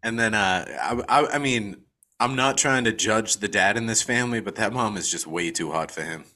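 A man's voice: fairly low pitch, moderate pace, sharp tone. A man on a video call in a podcast discussion, talking emphatically and with profanity, repeating points for effect. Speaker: podcast co-host. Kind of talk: casual movie discussion.

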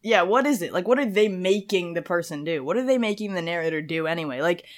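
A woman's voice: fairly low pitch, animated, quick pace. A young woman co-hosting a casual chat about song lyrics, giggling often and thinking aloud with lots of "like"s. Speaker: podcast co-host.

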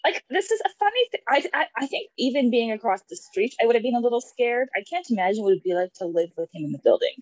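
A woman co-hosting a podcast in casual chat, reacting to a story with quick questions. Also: a little high, animated, no echo, dull audio.

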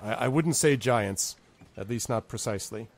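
A man voicing a mysterious, guarded half-elf stranger who speaks in a clipped, measured way. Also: mid-range voice, natural voice.

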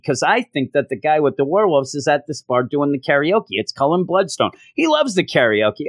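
Animated sarcastic man reviewing comics. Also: on the high side, a little fast, few pauses, no room sound, studio quality. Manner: animated, acts out scenes in mock voices; sarcastic and exasperated. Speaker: podcast host. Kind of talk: casual comic book review.

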